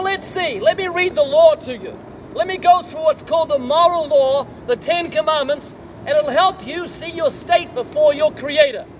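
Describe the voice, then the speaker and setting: Very high-voiced older male preacher. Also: a little hiss or hum. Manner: storytelling, asks the listener rhetorical questions. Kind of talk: sermon.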